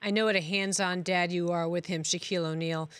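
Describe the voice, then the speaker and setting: A man's voice: sits high, steady tone, brisk, a bit bright, smooth, no echo. A man hosting a sports talk show, asking teasing, upbeat questions.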